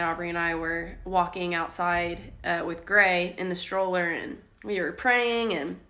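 A young woman chatting on a faith podcast with a bright, forceful voice. She tells her stories candidly and with animation. The room around her is echoey. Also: on the low side. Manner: candid, animated storytelling with laughs. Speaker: podcast co-host. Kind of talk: casual faith podcast chat.

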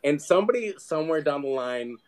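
A man's voice: a little high, expressive, fairly quick, a little mellow. A man co-hosting a crude comedy chat, ranting with heavy profanity and frequent laughter. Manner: profane, ranting, laughs often, mocking voices.

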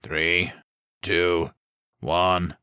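A gruff, sardonic older SWAT veteran in a gritty audiobook, barking wry commands in a deep voice as a male narrator plays him. The read is close and dry. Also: flat delivery, drawn-out words, pushed and bright, no echo, exaggerated voice.

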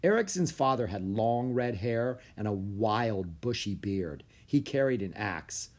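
A man narrating a children's storybook aloud, expressive and animated. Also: fairly low pitch, measured pace.

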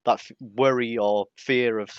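A man chatting on a podcast, hesitant and soft-spoken. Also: mid-range voice, steady tone, unhurried, clean tone, no room sound. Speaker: community co-founder. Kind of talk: casual podcast chat. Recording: dry, dull lo-fi audio.

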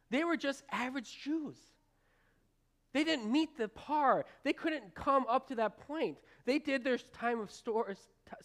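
A woman pastor giving an informal, rambling sermon, talking straight to the congregation with fillers and restarts. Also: fairly high pitch. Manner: folksy, talks straight to the congregation. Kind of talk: conversational sermon.

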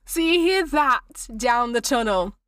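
A woman narrating a tabletop game as game master, chatty and lively. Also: on the high side, measured pace, no room sound, clean studio sound, far from the mic. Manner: lively, laughing often, chatty.

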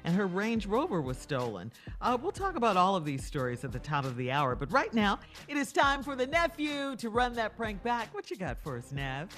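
A woman's voice: mid-range voice, huge pitch swings, moderate pace, few pauses, a bit bright, faint music behind. A woman hosting a morning radio show, announcing upcoming stories in an upbeat delivery.

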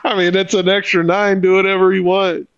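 A man's voice: sits high, little pitch movement, fairly quick, creaky, fairly bright tone, dull audio, slight background noise. A man telling a story as a podcast co-host, swearing freely and laughing as he goes. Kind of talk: casual profane storytelling.

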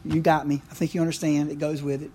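A man's voice: on the high side, flat delivery, fast talker, dark tone, a little hiss or hum. Folksy man preaching a sermon. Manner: folksy, conversational preaching with frequent asides. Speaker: pastor.

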